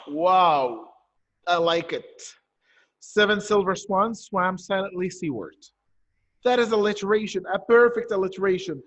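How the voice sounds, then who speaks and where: A man's voice: high-pitched, a little slow, a bit bright. A male teacher giving an online poetry lesson, explaining step by step and asking and answering his own questions. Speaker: primary school teacher.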